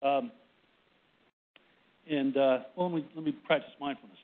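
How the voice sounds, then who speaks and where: A man from Boston with a mid-range voice, fairly even intonation and a moderate pace presents on a panel to an audience in a conference room. Short of breath, he often restarts and keeps checking in with "right?", and the recording sounds tinny, like a phone.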